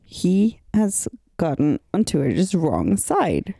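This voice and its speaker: A woman co-hosting a casual podcast, calmly talking through a comic's story. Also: lowish voice, very slow, creaky, breathy edge, dry recording, studio quality. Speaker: podcast co-host. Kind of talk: casual chat about a comic series.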